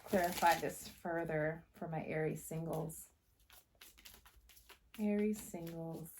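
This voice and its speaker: A woman giving a casual tarot reading to camera, blunt and passionate, swearing freely and talking in quick bursts. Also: low-pitched, fairly even intonation, slight background noise. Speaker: tarot reader.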